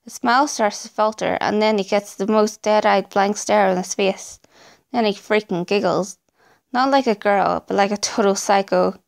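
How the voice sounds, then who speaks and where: Gravelly woman narrating creepy stories. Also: medium pitch, moderate pace. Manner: dramatic storytelling. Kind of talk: scripted narration.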